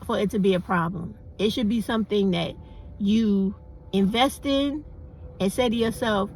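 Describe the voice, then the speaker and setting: A woman's voice: medium pitch, moderate pace, darkish tone, a little hiss or hum, low-quality recording. A middle-aged woman, talking bluntly and preachily in a casual, profane opinion monologue. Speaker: commentary vlogger.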